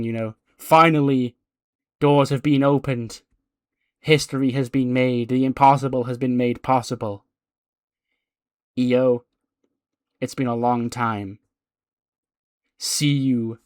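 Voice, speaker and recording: A man casually narrating a wrestling simulation playthrough, excitable and chatty, with many fillers. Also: mid-range voice, takes it slowly, long pauses, clean tone, dry recording, clean studio sound. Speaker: game commentator.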